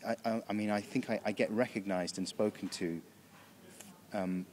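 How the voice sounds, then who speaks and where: A British comedian chuckles through a casual backstage interview, wandering off topic and restarting his sentences again and again. His voice is fairly low and steady, darkish in tone, at a moderate pace.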